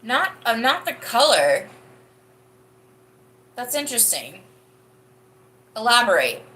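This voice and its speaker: A woman's voice: fairly high pitch, sing-song, slow, pushed and bright. A young woman hosting a live podcast, chatting casually and rambling as she answers viewer comments, laughing often. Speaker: livestream podcast host.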